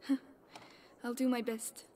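An actress voicing a determined teenage girl protecting her little brother, speaking earnestly and often in hushed tones. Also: on the high side, little pitch movement, unhurried, slight background noise, natural voice. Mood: resolute.

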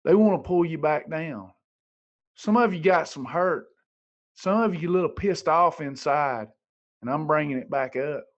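A man with a slightly high voice gives a motivational livestream talk at a moderate pace, preachy and emphatic, driving his points home by repeating phrases. The sound is lo-fi.

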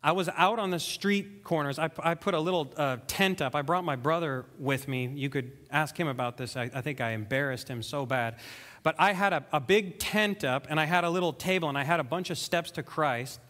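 A young man preaching a sermon, telling his conversion story with shifts between hushed and excited delivery. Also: on the high side, fairly quick, big-room sound. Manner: emotional storytelling, swings between soft and excited. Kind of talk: testimony sermon. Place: church hall.

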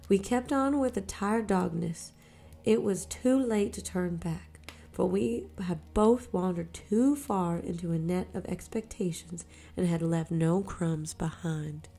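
A woman narrating a short story aloud in a measured, quiet manner, lightly acting the dialogue. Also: medium pitch. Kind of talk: storybook reading.

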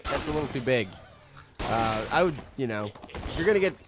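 A young man hosting a silly game commentary, tired and loopy, rambling from mumbles to loud outbursts. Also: medium pitch, lively intonation, brisk, noisy background. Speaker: gaming video host. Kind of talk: silly let's-play commentary. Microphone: desk microphone.

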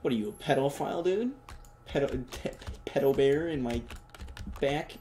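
A young man doing joking let's play commentary, reacting loudly and talking in slang. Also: mid-range voice, normal speed, slight background noise. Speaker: gamer.

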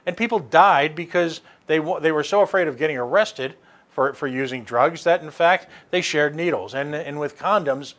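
A man's voice: a little high, normal speed, fairly bright tone. A man hosting a radio talk show, speaking animatedly with many restarts and sarcastic asides. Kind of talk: casual political talk.

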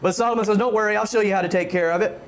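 A man preaching a fervent sermon as pastor, often stammering on restarts and building to shouts. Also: high voice, fairly even intonation, racing.

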